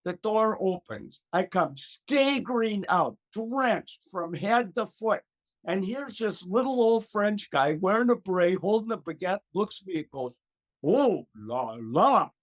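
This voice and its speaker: An older man tells a travel story as an interview guest. He is animated, acts out the other voices and laughs often as he goes. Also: sits high, measured pace. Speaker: gardening expert guest.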